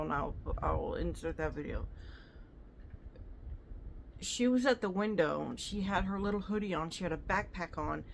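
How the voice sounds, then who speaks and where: A woman's voice: on the low side, creaky, slight background noise. A woman telling rambling stories in a casual vlog, talking into her phone. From United States. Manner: chatty, rambling. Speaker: vlogger.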